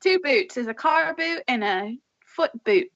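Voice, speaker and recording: A woman's voice: sits high, animated, unhurried, a bit bright. A woman co-hosting a casual podcast, playful and joking. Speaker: podcast co-host. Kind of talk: casual chat. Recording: dull lo-fi sound.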